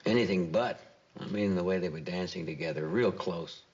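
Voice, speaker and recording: An actor playing a plain-spoken, opinionated witness on the stand. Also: male voice, sits low, normal speed, a little mellow. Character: gossipy male witness, sure of himself. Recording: dull old TV sound.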